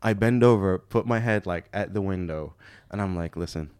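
A man's voice: low voice, normal speed, a little mellow, smooth, no room sound, studio quality. A young man from Canada casually telling a story on a podcast, laughing as he acts out the other people's lines.

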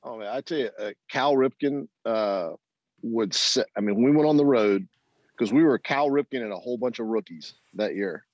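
A middle-aged former baseball player, a guest in an interview, tells animated stories, acting out the voices of people he quotes and laughing often. His voice is medium-pitched at a normal speed, and the dry recording has its highs cut off.

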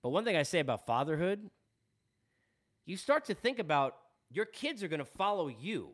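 A podcast host from Long Island, New York, by his accent, speaks at normal speed in a fairly high voice with big pitch swings. His personal monologue is earnest and candid, with words often repeated.

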